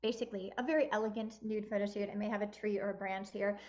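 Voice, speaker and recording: A woman's voice: medium pitch, steady tone, fast, a little mellow, muffled recording. A woman around sixty, a podcast guest speaking emphatically and upbeat in a motivational tone. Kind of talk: casual interview chat.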